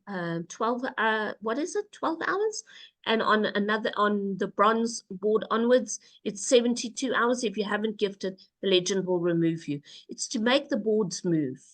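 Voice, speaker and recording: Brisk, playful woman presenter. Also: medium pitch. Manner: brisk, instructive, playful asides. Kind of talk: casual webinar presentation.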